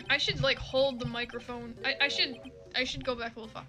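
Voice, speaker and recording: A woman's voice: high voice, flat delivery, fairly quick, loud music behind the voice. A young woman streaming a game, rambling and swearing in casual commentary. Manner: swears a lot, rambling, laughing asides. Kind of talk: casual let's-play commentary.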